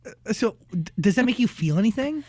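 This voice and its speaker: A man hosting a casual interview, asking questions with stammered restarts and quick reactions. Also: high voice, lively intonation, a little mellow, slight background noise. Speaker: host.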